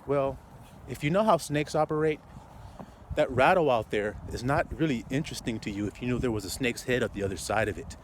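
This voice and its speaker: Laughing street preacher man, lively pitch. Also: a little hiss or hum. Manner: laughing, rhetorical, drawn-out repetitions. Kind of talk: casual outdoor sermon to phone camera. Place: outdoors on a city street, walking. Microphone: phone held while walking.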